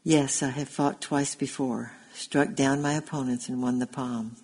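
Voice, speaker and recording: A man reading the lines of a gentle, sad giant gladiator in a storybook, slow and with a foreign accent. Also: mid-range voice, steady tone, husky, poor audio. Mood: gentle, weary. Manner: speaks slowly with a foreign accent.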